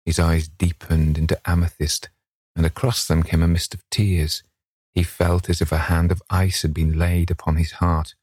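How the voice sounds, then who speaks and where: A man reading an audiobook as narrator in a measured, expressive way, with a husky voice. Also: low voice, dry recording, studio quality. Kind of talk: scripted narration.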